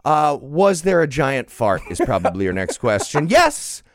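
A man's voice: medium pitch, sing-song, measured pace, no echo, clean studio sound. A man co-hosting a comedy news podcast, reading quotes aloud with sarcastic comic emphasis. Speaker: podcast co-host. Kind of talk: casual comedic news chat.

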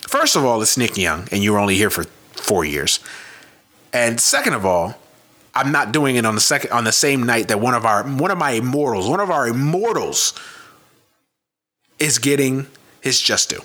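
Casting: man, bright voice, lively swooping pitch, profane and emphatic sports rant. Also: normal speed, long pauses. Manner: profane, emphatic, repetitive ranting. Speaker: sports commentator.

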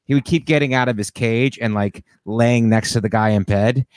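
A man, a comedian guest on a podcast, telling rambling deadpan stories with fillers. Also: mid-range voice, moderate pace, smooth, dry recording, clean studio sound. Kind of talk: casual comedic podcast banter.

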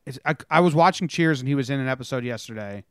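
A man's voice: medium pitch, fast talker, smooth, no echo. Podcast guy rambling about sports and tv, cuts himself off a lot, dry close mic. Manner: rambling, self-interrupting. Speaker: podcast co-host. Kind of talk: casual sports chat.

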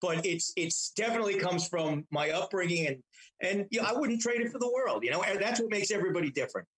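A man's voice: high-pitched, expressive, fast talker, fairly bright tone, rough recording. A middle-aged man telling stories from his childhood in casual chat, rambling with many restarts and repeated words. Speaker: guest. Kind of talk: casual storytelling.

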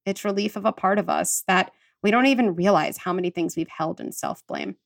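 Speaking briskly in a creaky, medium-pitched voice, a psychologist guest on a podcast guides listeners through an exercise. Her manner in the conversation is earnest and reassuring.

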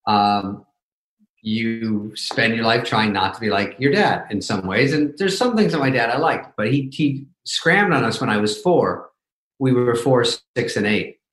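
A middle-aged man tells casual stories as a podcast guest in a mid-range voice. His delivery is dry and self-mocking, with quick mimicry of other people. The room has a noticeable echo. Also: medium pitch, lively intonation, a bit bright. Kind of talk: casual storytelling chat.

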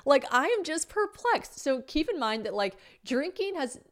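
A woman's voice: high voice, animated, moderate pace, hardly any pauses. A woman in her twenties from the United States, hosting a solo podcast and telling stories casually, swearing freely and acting out other people's lines. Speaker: podcast host.

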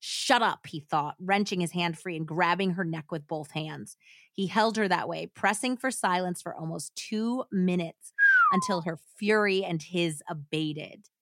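A woman's voice: fairly low pitch, a little slow, a bit bright, no room sound. A woman podcast host reading a true crime account aloud, voicing the quoted lines and breaking off to chat. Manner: reads aloud with acted dialogue, then chats and jokes. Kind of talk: dramatic reading with casual commentary.

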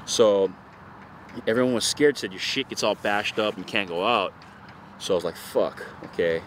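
In a casual interview, a surfer from Hawaii's North Shore on Oahu tells a wandering, profanity-laced surf story with plenty of animation. His voice is lowish, his speed normal, and the audio has a bit of hiss or hum.

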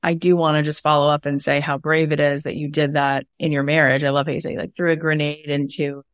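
A woman's voice: sits low, level tone, a little fast, no echo, clean studio sound. A woman hosting a candid podcast conversation, telling stories animatedly, laughing and acting out quotes. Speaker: podcast host.

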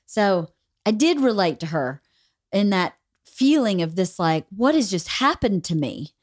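Animated candid woman host, dry studio sound. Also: mid-range voice, measured pace, no echo. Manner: candid, swears freely, animated storytelling. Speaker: podcast host. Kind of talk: casual chat.

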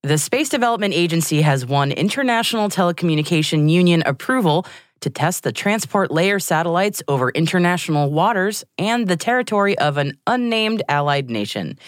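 A woman hosts a news show and reads out the headlines, her pitch rising and falling a lot as she goes. Her delivery is clear and articulate. The sound is close and dry. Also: a little fast, no echo. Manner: lively, articulate newsreader delivery. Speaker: news podcast host. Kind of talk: scripted news reading with banter.

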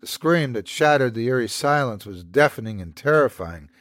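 A male storyteller reads a scary story in a slow, hushed way that builds suspense. His voice sits at a middle pitch for a man. He is the host and narrator of the show. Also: no echo, clean studio sound. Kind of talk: scripted horror story narration.

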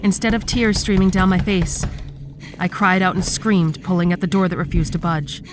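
A woman narrating a horror story in a steady, measured storytelling manner. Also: on the low side. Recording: clear background noise.

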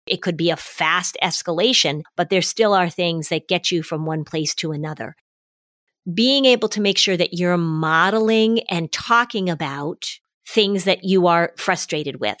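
A woman's voice: lowish voice, no room sound, clean studio sound. A middle-aged woman, a parenting expert, explaining in casual podcast talk and acting out what parents say. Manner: warm explanatory, acts out parent quotes.

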